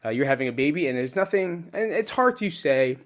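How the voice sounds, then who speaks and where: A man's voice: on the high side, expressive, brisk. A man in his thirties hosting a solo podcast, rambling and joking casually with the odd swear word. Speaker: podcast host.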